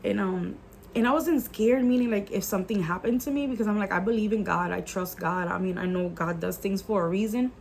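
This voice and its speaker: A woman's voice: medium pitch, fairly quick, creaky, a little mellow, a little hiss or hum. A woman telling a personal faith testimony in a casual vlog, earnest and emotional, with many "like" fillers and the odd Spanish phrase. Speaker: YouTuber sharing a faith testimony.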